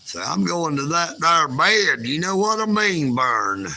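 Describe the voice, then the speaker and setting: Man, folksy livestream host, slow talker, raised pitch, outdoors at night. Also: animated, creaky, bright, forceful tone, slight background noise. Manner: folksy, calls himself a hillbilly. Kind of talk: casual livestream chat.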